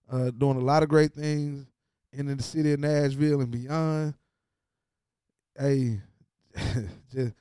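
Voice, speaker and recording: A man's voice: a little high, darkish tone, clear, resonant tone, dry recording, clean studio sound. A man hosting his own podcast, talking in a casual, slangy way and repeating lines for emphasis. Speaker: podcast host. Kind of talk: casual solo podcast monologue.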